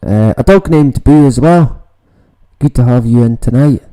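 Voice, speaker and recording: Male streamer, unhurried and mellow-toned, rambling casual chat with swearing. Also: medium pitch, low-quality recording. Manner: rambling, swearing, reads out viewer comments. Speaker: livestream host. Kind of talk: casual late-night livestream chat.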